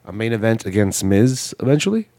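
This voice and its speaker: A man's voice: on the low side, sing-song, brisk, mellow, no room sound, studio quality. A man co-hosting a casual chat, chiming in with short agreements and side remarks. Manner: chimes in with short agreements and laughs. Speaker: podcast co-host.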